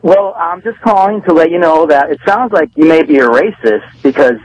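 A man's voice: fairly high pitch, moderate pace, highs cut off, a little hiss or hum. A man calling in to a radio show, arguing in an agitated way and often stammering. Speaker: radio caller. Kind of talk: heated call-in argument.

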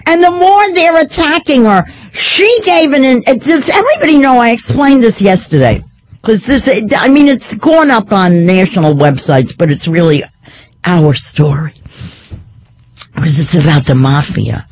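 A woman's voice: a little high, lively intonation, moderate pace, a little mellow, poor audio. New lady ranting on her radio show, sarcastic and all over the place, voice jumps up and down a lot. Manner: sarcastic, rambling, opinionated. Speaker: radio talk show host. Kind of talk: political talk radio monologue.

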